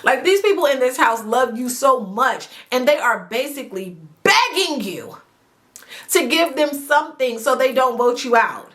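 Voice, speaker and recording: A woman hosting a casual reality TV recap, talking straight to the viewer in an animated, chatty way and stretching words for emphasis. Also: high-pitched, normal speed. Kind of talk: casual commentary to camera. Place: indoors at home near a sunny window.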